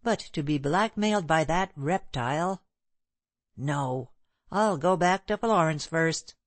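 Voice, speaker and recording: A woman reading the part of a proud, bitter gentleman who speaks in a sneering, clipped way. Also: low voice, animated, slow pace, dry recording. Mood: scornful. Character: proud bitter middle-aged gentleman, scornful.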